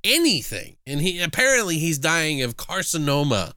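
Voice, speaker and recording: With a slightly high voice at a moderate pace, a man hosting a film review podcast recounts a movie's plot. The chat is casual, animated and profane, and the clean studio recording has no room sound.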